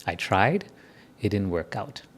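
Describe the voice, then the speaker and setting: A man in his fifties giving a spiritual talk to a live audience, conversational and often checking in with listeners through quick tag questions. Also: fairly low pitch, sing-song, a little hiss or hum. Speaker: spiritual speaker.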